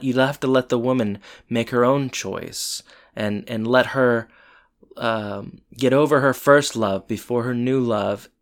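A man co-hosting a casual chat, retelling a TV episode in a loose, rambling way with fillers. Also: mid-range voice. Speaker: podcast co-host.

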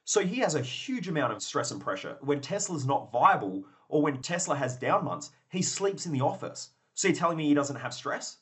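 A man's voice: fairly high pitch, very animated, normal speed, hardly any pauses. A man hosting a motivational podcast, blunt and profane, acting out both sides of imagined conversations. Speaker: podcast host.

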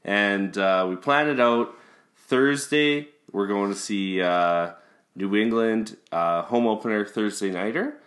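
A man's voice: lowish voice, slow, fairly bright tone. A man in his thirties, hosting a podcast, who tells a rowdy, profane story and laughs often. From Canada. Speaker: podcast host. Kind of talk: casual storytelling.

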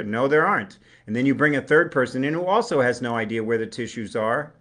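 A man's voice: mid-range voice, fast, hardly any pauses, fairly bright tone. Man, relationship coach, live talk, earnest, explaining step by step. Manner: earnest, explanatory, acts out little dialogues.

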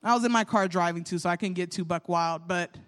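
A woman's voice: fairly low pitch, fast talker, fairly bright tone. A young adult woman hosting a faith podcast, talking in an earnest, candid storytelling way with self-deprecating humor. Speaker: podcast host.

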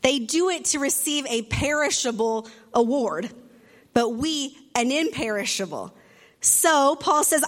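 A woman pastor giving a sermon, telling a story with animated asides and acting out the people in it. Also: sits high, a little slow.

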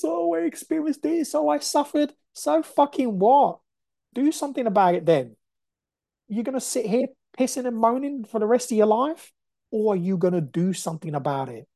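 A woman's voice: mid-range voice, warm tone, no echo. A woman hosting a motivational podcast, talking bluntly and passionately, swearing freely. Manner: blunt, profane, impassioned ranting. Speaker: podcast host.

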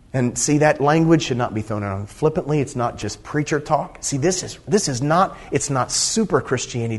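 Middle-aged guy preaching, talks like he's chatting, earnest, keeps restarting himself. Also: medium pitch. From Indiana, USA. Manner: conversational, earnest, with frequent restarts and asides. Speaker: pastor. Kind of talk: sermon.

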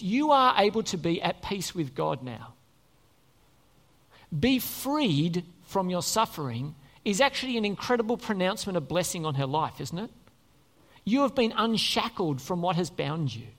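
Animated preacher in an echoing hall. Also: mid-range voice, gravelly. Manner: conversational, asks the congregation questions. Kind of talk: sermon. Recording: long reverb in a church hall.

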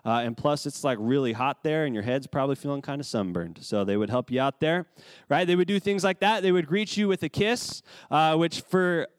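A man's voice: on the high side, fairly quick, smooth, no echo. Conversational man preaching a sermon. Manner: conversational preaching with fillers and asides. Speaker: pastor.

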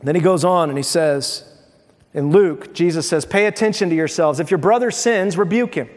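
A man's voice: on the high side, moderate pace, a little mellow, in a large hall. A man preaching a sermon as pastor, reading scripture and telling humorous everyday stories in a conversational way.

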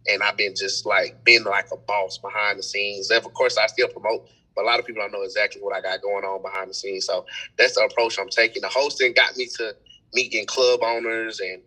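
A young man telling stories in a casual podcast chat, animated and full of slang. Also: on the low side, fairly quick, husky, rough recording. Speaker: event host and promoter.

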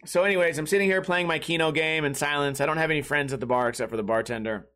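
A young adult man hosting a podcast, telling a comic story in a profane, ranting way with quick bursts. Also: on the high side, pushed and bright. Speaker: podcast host. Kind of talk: comedic storytelling rant.

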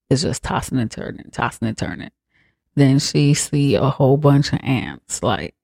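A podcast host rambles through a horror film recap with heavy profanity and constant filler words. The voice is gravelly with a dark, mellow tone. The recording is dry and close. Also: mid-range voice, no room sound.

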